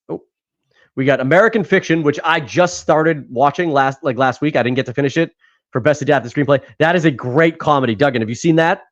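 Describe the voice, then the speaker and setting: A man hosting a podcast, chatting casually and rambling with frequent laughs and cursing. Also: medium pitch. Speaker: podcast host. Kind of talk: casual chat. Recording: dull lo-fi sound.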